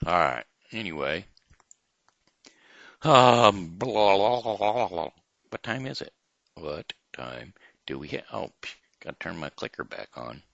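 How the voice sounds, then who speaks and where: A man's voice: low voice, big pitch swings, unhurried, creaky, pauses often, a bit bright, no echo. A man hosting his own daily show, chatting in a rambling, hesitant way full of fillers and reading a children's story, with a dull lo-fi sound. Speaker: host of a daily home show. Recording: dull lo-fi, dry.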